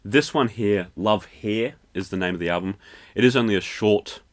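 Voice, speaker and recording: A young Australian man co-hosting a podcast album review in a relaxed, conversational way. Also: lowish voice, moderate pace. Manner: relaxed and conversational, with fillers like "um" and "sort of". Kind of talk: casual podcast chat.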